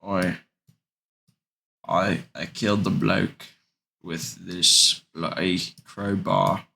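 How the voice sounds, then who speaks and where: A man voicing a gruff, tough grown father, blunt and swearing. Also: low voice, very slow, pushed and bright, full character voice.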